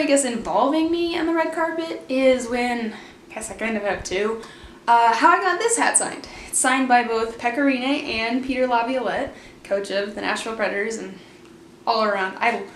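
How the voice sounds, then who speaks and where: A young woman telling a story in a casual, chatty way, with lots of fillers and quotes acted out in a higher voice. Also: roomy sound, a little hiss or hum. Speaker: vlogger.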